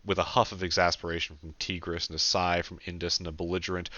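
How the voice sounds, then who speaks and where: A man, the author, narrating his own audiobook in a plain, steady manner. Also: low voice, a little fast, hardly any pauses, dry recording, highs cut off.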